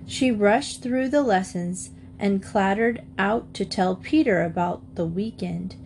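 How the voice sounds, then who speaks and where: A woman narrating a children's storybook in a steady, expressive voice. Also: medium pitch, slow, creaky, slight background noise. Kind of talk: storybook reading.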